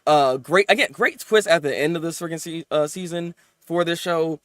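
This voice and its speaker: A man hosting a casual anime review, talking in an excited, rambling way, often laughing, stammering and acting out characters. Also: a little high, normal speed, no echo, studio quality.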